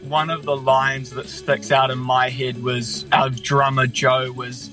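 Bright-toned New musician, chatty. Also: male voice, medium pitch, level tone, slow, soft background music, rough recording. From New Zealand. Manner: enthusiastic, chatty, self-deprecating. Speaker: musician, interview guest. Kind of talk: casual radio interview.

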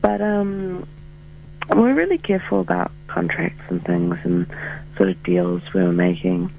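A man, a musician in a band, chatting casually in an interview, full of fillers and quick laughs, heard over a phone call. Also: high-pitched, very animated, creaky, a little hiss or hum. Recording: tinny phone line.

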